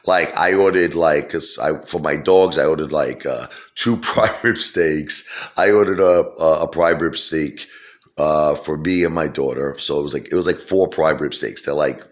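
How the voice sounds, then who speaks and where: Very deep-voiced man rambling. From Brooklyn, New York. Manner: rambling, digressive, many fillers. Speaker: vlogger. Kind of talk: casual storytelling rant.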